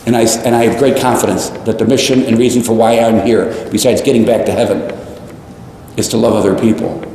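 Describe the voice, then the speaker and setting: A male priest preaching a homily, animated and repeating phrases for emphasis, with jokes and tangents. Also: fairly low pitch, brisk, slight background noise. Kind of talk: sermon. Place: large church. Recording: echoey church, long reverb.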